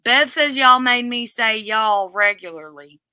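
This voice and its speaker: A woman's voice: on the high side, expressive, a little slow, pushed and bright, clear, resonant tone, dry recording. A woman with a Southern US accent from the Kentucky–Indiana border, chatting casually on a craft livestream and reading viewer comments aloud. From southern Indiana near Louisville, Kentucky.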